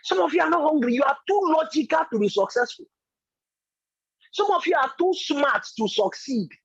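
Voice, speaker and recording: A man's voice: extremely high pitch, lively intonation, moderate pace, dry recording, highs cut off. A man giving an emphatic, repetitive motivational talk as a business coach in an online meeting.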